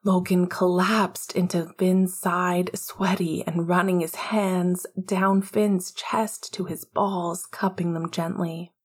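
A woman narrating an audiobook in a hushed, intimate way, often half-whispering. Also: lowish voice, flat delivery, slow pace, hardly any pauses, breathy edge.

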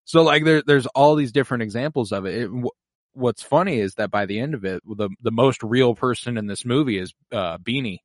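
A man co-hosting a casual movie-discussion podcast, loose and profane, quick to react. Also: medium pitch, dry recording, studio quality. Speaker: podcast co-host.

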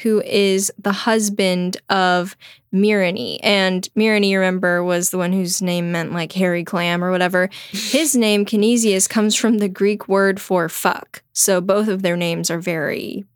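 A woman's voice: medium pitch, fairly even intonation, unhurried, clean tone, no echo, clean studio sound. A young woman co-hosting a casual podcast, retelling a play with laughs and animation. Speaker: podcast co-host.

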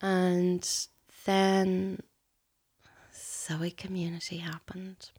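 A woman, a guest talking intimately and hesitantly in a soft, often breathy, near-whispered voice. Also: lowish voice, little pitch movement, drawn-out words. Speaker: guest sharing a personal story. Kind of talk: intimate conversation.

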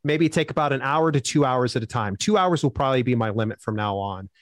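A man answering interview questions as a self-publishing expert, upbeat and animated, acting out quotes as he tells stories. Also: mid-range voice, fast, dry recording, studio quality.

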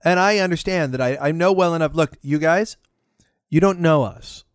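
A man's voice: a little high, moderate pace, no room sound, clean studio sound. A man co-hosting a podcast in casual chat, rambling and playful. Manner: rambling and playful, laughs often. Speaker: podcast co-host.

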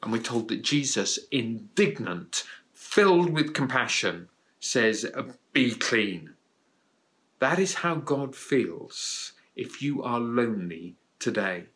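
A man's voice: mid-range voice, very animated, slow, a bit bright. A man preaching a sermon, earnest and encouraging, his voice rising and dropping for emphasis. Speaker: pastor.

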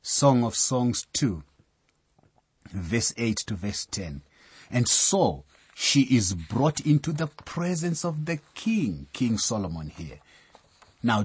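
A male preacher giving measured Bible teaching, telling a story and citing scripture verses. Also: mid-range voice, a little mellow, breathy edge, dry recording. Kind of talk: sermon-style Bible teaching.

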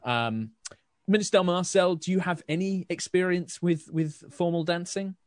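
A man's voice: high voice, moderate pace, no room sound, clean studio sound, pitched above the performer's own voice, close to an everyday voice. A man voicing a fussy, formal male court advisor in a put-on accent, polite and hesitant. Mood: instructive. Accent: put-on character accent.

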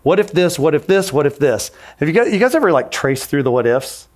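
A man's voice: on the high side, very animated, brisk. A man in his forties preaching a sermon in a casual, conversational way, acting out the voices he quotes. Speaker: pastor.

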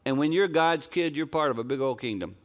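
In a fairly quick, mid-range voice, an older pastor tells a personal story from the pulpit. His sermon comes across as folksy, earnest and conversational.

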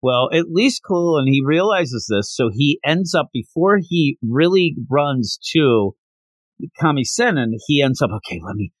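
A man's voice: on the high side, expressive, measured pace, no room sound. A man hosting a podcast, chatting animatedly as he retells a manga chapter. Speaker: podcast host. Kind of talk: casual recap of a manga chapter.

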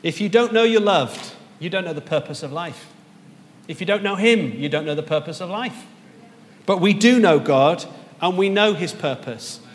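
A man's voice: high-pitched, animated, normal speed, in a large hall, a little hiss or hum. A man preaching a sermon as pastor, earnest and rising to emphatic peaks.

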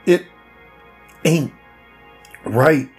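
A man's voice: drawn-out words, a little mellow, faint music behind. A man voicing a young girl who is drowning in icy water and crying out desperately. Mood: panicked, pleading. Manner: shrill desperate cries.

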